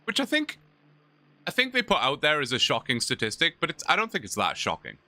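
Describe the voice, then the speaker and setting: A man's voice: on the high side, wildly swooping pitch, brisk, pushed and bright, no echo. A British man from England, chatting casually and joking with viewers during a live gaming stream. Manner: chatty, joking, many restarts.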